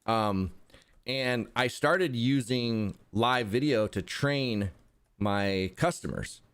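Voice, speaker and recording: A man, a guest in a casual interview, talking in a rambling way with halting restarts and dry humor. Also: mid-range voice, fairly bright tone, smooth. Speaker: interview guest, content creator. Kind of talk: casual conversation.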